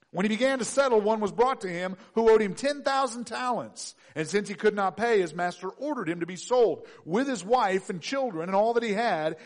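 A male pastor preaching a sermon, emphatic, repeating key phrases and swinging between loud and hushed delivery. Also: sits high.

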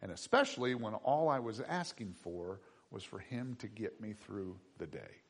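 Lively husky-voiced preacher in his fifties. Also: fairly low pitch, moderate pace. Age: 50s. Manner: animated storytelling, swinging from loud to hushed. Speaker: pastor. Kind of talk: sermon.

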